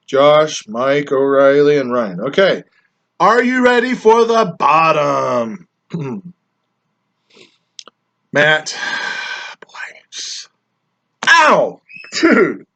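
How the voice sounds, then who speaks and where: A man casually grading his friends' fantasy football drafts, teasing and rambling, often trailing off quietly at the ends of his lines, his voice getting worn. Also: mid-range voice. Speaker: fantasy football league member reviewing drafts.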